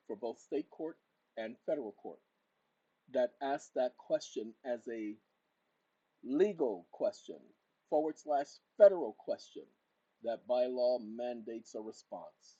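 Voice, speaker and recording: A man with a mellow, husky voice runs his own channel and talks viewers through a document on screen. He barks sharp orders at a voice assistant, then drops to low asides for his audience. The recording sounds dull and lo-fi. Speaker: channel host. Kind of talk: casual screen-share walkthrough.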